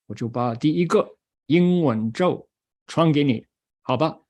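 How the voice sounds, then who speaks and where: Older monk telling a story. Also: male voice, medium pitch, moderate pace, a little mellow. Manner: switches between Mandarin and English, acts out quoted voices. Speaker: Buddhist monk giving a Dharma talk. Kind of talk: storytelling talk.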